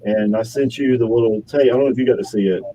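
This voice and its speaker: A man's voice: medium pitch, fast, mellow, a little hiss or hum, low-quality recording. A man, an actor, chatting casually in an interview and rambling with restarts and corrections. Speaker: actor guest.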